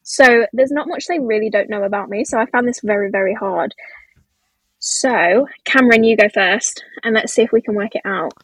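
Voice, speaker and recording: A woman hosts a chatty podcast with a high, slightly husky voice. She teases her co-hosts and exclaims often, recorded close and dry. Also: normal speed, no room sound, low-quality recording. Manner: animated, teasing, exclaims often. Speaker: podcast host. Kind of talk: casual chat.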